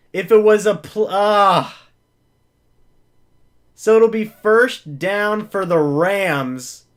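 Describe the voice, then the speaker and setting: A man's voice: sits high, smooth. A man calling a football game live as a fan, narrating each play and then pleading with the referees and groaning at the calls.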